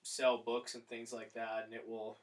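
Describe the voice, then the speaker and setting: A man's voice: medium pitch, normal speed, recorded from a distance, rough recording. A man who coaches athletes, hosting a podcast and talking casually with fillers and restarts. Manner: relaxed, rambling with fillers. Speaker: strength coach and podcast host.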